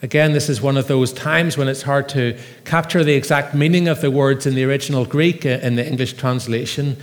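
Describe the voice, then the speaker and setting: A man preaching a sermon in an earnest, measured way, with emphatic readings from Scripture. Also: medium pitch, fairly even intonation. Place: church. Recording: long reverb of a church hall.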